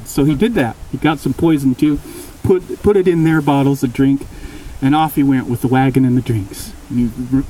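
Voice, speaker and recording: A man's voice: mid-range voice, recorded from a distance, a little hiss or hum, poor audio. Rambling male storyteller, a bit off-mic. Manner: relaxed, rambling, self-correcting. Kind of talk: casual oral storytelling.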